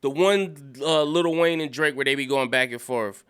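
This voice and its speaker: Rambling man musing aloud, smooth voice. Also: a little high, normal speed, fairly bright tone. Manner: rambling, thinking aloud with many fillers. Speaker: commentator. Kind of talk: casual solo commentary.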